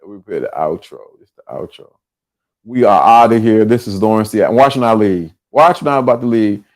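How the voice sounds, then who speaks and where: A man hosting a casual livestream, talking in an animated way, often laughing and using streetwise slang. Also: fairly low pitch, moderate pace. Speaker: livestream show host.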